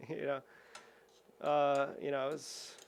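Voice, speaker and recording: A man's voice: mid-range voice, level tone, takes it slowly, vocal fry, a little hiss or hum. A young man tells a rambling story while cooking at home, with lots of "like", restarts and acted-out quotes. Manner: rambling, full of "like" and restarts, acts out quoted voices. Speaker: vlogger.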